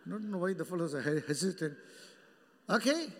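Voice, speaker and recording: A male pastor preaching a sermon, animated and joking with the congregation by name. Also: sits high, moderate pace, in a large hall. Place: church hall.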